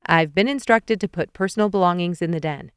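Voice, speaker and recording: A woman's voice: lowish voice, brisk, clear, resonant tone, no room sound, close to an everyday voice. A woman voicing a slightly weary young man who teases dryly, in an audiobook. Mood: mild exasperation. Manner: dry, teasing.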